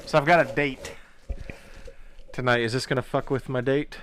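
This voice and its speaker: A man's voice: mid-range voice, fairly even intonation, moderate pace, fairly bright tone, a little hiss or hum. A young man co-hosting a movie review podcast, joking crudely and getting hyped up in casual banter. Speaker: podcast co-host.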